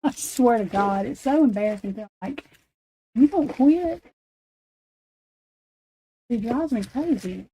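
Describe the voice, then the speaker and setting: Foul-mouthed woman in her forties, mellow. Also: mid-range voice, expressive, normal speed, few pauses, breathy edge, poor audio. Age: 40s. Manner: profane, rambling storytelling with laughs. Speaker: livestream host. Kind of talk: casual late-night chat.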